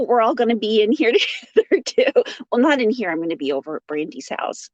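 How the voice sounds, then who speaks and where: A playful woman runs a crochet livestream, reading viewer comments, greeting people by name, and laughing in between. Her slightly high, sing-song voice swoops all over and moves a little fast, with a darkish tone. The sound is dry and somewhat dull with no echo, like a lo-fi phone stream.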